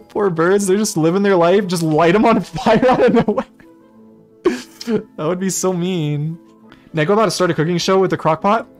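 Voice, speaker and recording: A man with a high voice streams a video game, chatting casually and playfully. He laughs often and breaks into bursts of exclamation, with faint music underneath. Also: normal speed. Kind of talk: casual gameplay commentary.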